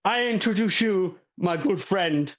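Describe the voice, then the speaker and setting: A flamboyant festival host in a fancy suit, played by a man welcomes the crowd in a high, showy announcer voice that swings widely up and down. The sound is dull and lo-fi, like a cheap tabletop-game recording. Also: lively intonation, unhurried. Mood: grandiose.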